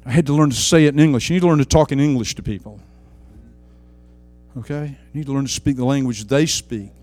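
A man preaching a sermon with passion, swinging between loud, fervent outbursts and quiet, hushed asides. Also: medium pitch, fast talker, no echo, soft background music.

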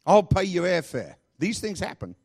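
A man's voice: sits high, very animated, moderate pace, darkish tone, husky. A male pastor preaching a sermon, emphatic and repeating phrases, with rambling asides.

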